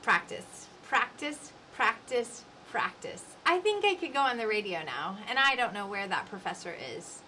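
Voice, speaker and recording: Bright-voiced woman coaching on speaking. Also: medium pitch, fairly quick, few pauses, a little hiss or hum. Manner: lively, coaching tone with varied emphasis. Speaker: instructor. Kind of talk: lecture on public speaking.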